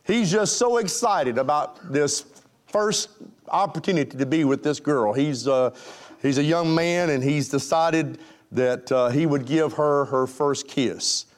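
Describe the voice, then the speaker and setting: A male pastor with a fairly high voice, preaching in a loose, folksy way. He jokes and chuckles with his congregation between points of his sermon. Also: measured pace. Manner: folksy, joking, chuckling with the crowd.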